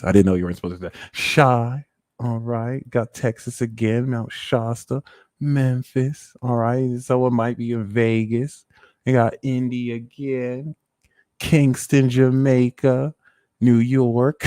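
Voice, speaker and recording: A man hosting a live tarot reading stream, chatting casually and giving shout-outs to viewers. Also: medium pitch, steady tone, a little slow, no echo, clean studio sound. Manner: shouting out viewers' locations, loose and slangy. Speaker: tarot reader hosting a livestream.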